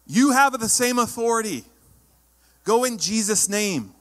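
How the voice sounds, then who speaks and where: A man preaching a sermon as pastor, emphatic, sometimes rising to loud exhortation. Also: high-pitched, animated, a little slow, long reverb tail.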